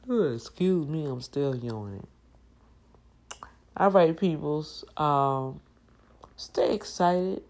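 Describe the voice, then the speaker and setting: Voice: medium pitch, darkish tone, low-quality recording. A middle-aged host talking in a casual monologue, emphatic and preachy, repeating key phrases.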